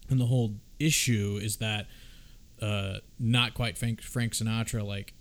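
A man hosting a casual film discussion podcast, talking in an animated, profane way. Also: lowish voice, a little slow. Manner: animated, profane, acts out the characters' lines. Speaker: podcast host.

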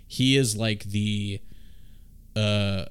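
A man hosting a casual film discussion, talking in an animated, rambling way and swearing freely. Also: on the low side, drawn-out words, clear, resonant tone.

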